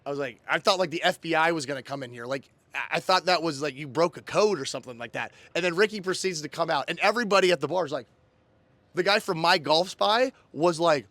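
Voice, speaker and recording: A man's voice: fairly high pitch, fast talker, a bit bright, no room sound. A man in his thirties hosting a casual recap show, animatedly retelling a story and acting out quotes. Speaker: host.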